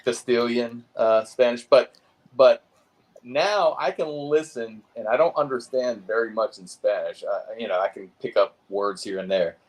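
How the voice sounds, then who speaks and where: A man's voice: mid-range voice, moderate pace. A man chatting casually, thoughtful and hesitant, with many fillers as he speaks. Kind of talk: casual chat.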